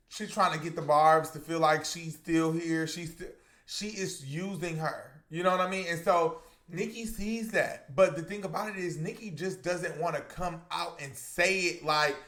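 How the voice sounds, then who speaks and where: A man hosts a celebrity gossip commentary video, talking straight to his viewers. He is chatty and emphatic and keeps calling them "y'all." His voice sits high for a man. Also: moderate pace, fairly bright tone. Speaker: commentary YouTuber.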